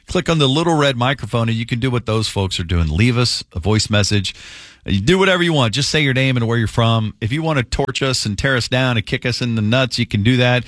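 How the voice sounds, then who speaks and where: A man's voice: mid-range voice, lively intonation, fairly quick, fairly bright tone, dry recording, clean studio sound. A man hosting a morning radio show in a brash, joking way. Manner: brash, jokey, upbeat. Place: radio studio. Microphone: studio microphone.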